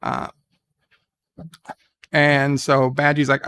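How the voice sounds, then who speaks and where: A man's voice: mid-range voice, a little slow, gravelly, a bit bright, no room sound. A man giving a casual, rambling recap of a TV episode, full of fillers and restarts. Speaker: show reviewer.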